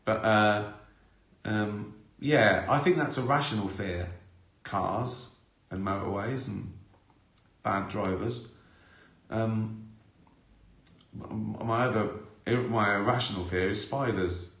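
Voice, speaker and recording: Male host, low voice, loose rambling anecdotes, self-mocking, echoey room. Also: slow, a bit bright. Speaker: live stream host. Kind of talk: casual anecdotal chat. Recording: roomy echo.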